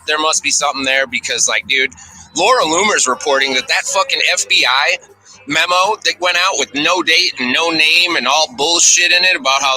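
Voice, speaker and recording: A man's voice: medium pitch, bright, forceful tone, rough recording. A man ranting about politics with constant swearing, often mocking others in quoted voices. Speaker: commentator in a played clip. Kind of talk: profane rant to camera.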